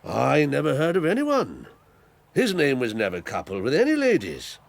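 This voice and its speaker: A man's voice: on the high side, huge pitch swings, moderate pace, vocal fry, slight background noise, exaggerated voice. An actor playing a hearty, talkative old country squire in a radio drama, rambling and fatherly. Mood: musing. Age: older. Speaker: Squire Hamley. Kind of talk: 1980s radio drama acting.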